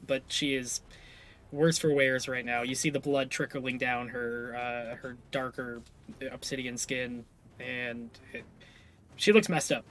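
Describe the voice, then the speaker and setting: A man narrating as game master of a tabletop game, describing scenes in a loose, halting way with many fillers. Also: mid-range voice, a bit bright.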